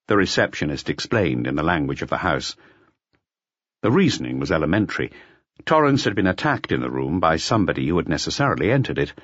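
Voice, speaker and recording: A man reading a crime novel aloud in a measured, expressive storytelling manner. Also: a bass voice, slightly rough, no room sound. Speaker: audiobook narrator. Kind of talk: scripted narration. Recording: dull lo-fi audio, dry.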